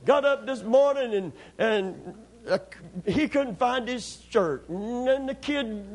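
A man preaches a sermon, acting out scenes along the way. His volume rises in loud, excited bursts and sinks into hushed, low passages.

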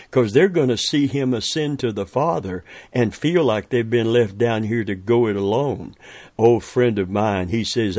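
Slow, earnest male preacher. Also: mid-range voice, darkish tone, no room sound. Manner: earnest, emphatic, repeats words for stress. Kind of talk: sermon.

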